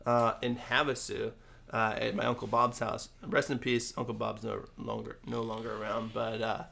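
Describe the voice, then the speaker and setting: A young man co-hosting a casual podcast chat, laid-back, with short agreeing replies and halting stories. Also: medium pitch, little pitch movement, gravelly, sharp tone. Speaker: podcast co-host.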